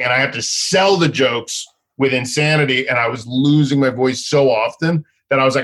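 A man's voice: medium pitch, moderate pace, hardly any pauses, a bit bright. Male comedian, podcast guest, casual chat, intense, emphatic, swears.

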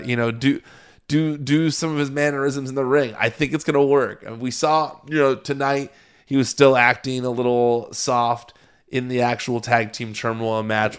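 A man's voice: mid-range voice, clean tone. A man hosting a solo podcast, giving chatty, opinionated commentary with many restarts and fillers. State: hiccups. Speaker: podcast host.

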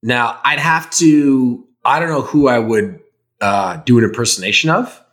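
A man's voice: mid-range voice, unhurried, a bit bright. A man in casual chat answering fan questions, rambling and candid, swearing now and then. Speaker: podcast host, actor.

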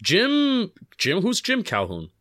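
Bright-voiced joking male co-host. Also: medium pitch, expressive, normal speed, dry recording, studio quality. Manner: jokey, playful banter. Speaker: podcast co-host. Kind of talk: casual sports podcast chat.

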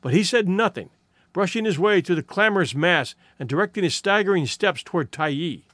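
A man narrating a classic short story in an expressive storytelling delivery. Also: sits high, normal speed, no room sound. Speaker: audiobook narrator.

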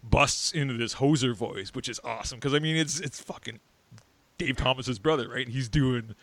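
A man's voice: mid-range voice, moderate pace, no echo. A man hosting a podcast, casually retelling a plot and tagging his points with "right?". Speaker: podcast host. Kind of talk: casual chat.

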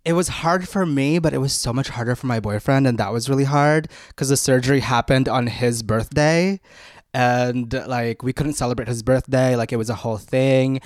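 Earnest man on a casual podcast, open and chatty, mid pitch, dry sound. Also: normal speed, dry recording.

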